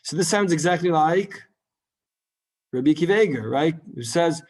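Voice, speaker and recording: A man teaching a Talmud class in a lively lecture style, full of rhetorical questions and quick asides. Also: on the high side. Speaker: Torah teacher.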